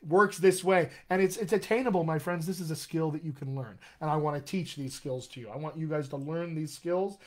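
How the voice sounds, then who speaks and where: A man's voice: a little high, a little fast, few pauses. A man coaching actors on accents in a live online session, enthusiastic and encouraging, talking straight to his viewers. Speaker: dialect coach. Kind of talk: live-streamed coaching talk. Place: home room, live video stream.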